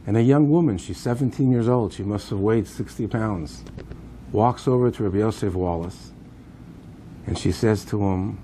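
A man tells a dramatic story at a memorial program. His voice sits low with a dark, mellow tone, and he leans on key words with sudden shifts of pace. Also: normal speed, slight background noise.

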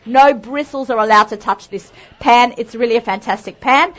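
A woman's voice: a little high, normal speed, fairly bright tone. An Australian woman hosting a live cooking demonstration, talking chattily and upbeat with lots of asides. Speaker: cooking show host. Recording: dull lo-fi sound.

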